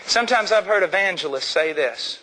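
Male preacher, high forceful voice, fiery emphatic sermon delivery. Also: expressive, poor audio. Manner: emphatic, rises to shouting, slows down for stress.

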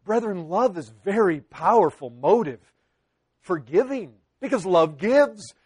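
A man preaching a sermon to his congregation, earnest, with dramatic pauses and quoted pleas. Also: high voice, animated, darkish tone, slightly rough, dry recording. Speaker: pastor.

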